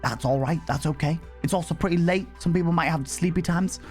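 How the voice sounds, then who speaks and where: A man live-streaming and chatting to his viewers, loud, brash and theatrical, swearing freely. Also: a little high, a little fast, soft background music.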